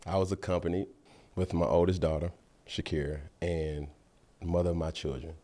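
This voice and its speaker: A man in his thirties with a Southern American accent, hosting a podcast and telling a profane, animated story, laughing often. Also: low-pitched, a little fast. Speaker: podcast host. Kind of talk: casual storytelling.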